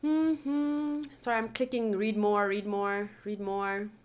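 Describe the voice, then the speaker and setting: A woman's voice: medium pitch, level tone, slow pace. A woman streamer talking casually and rambling, swearing freely as she chats to viewers. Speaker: anime reaction streamer. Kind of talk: casual livestream chat.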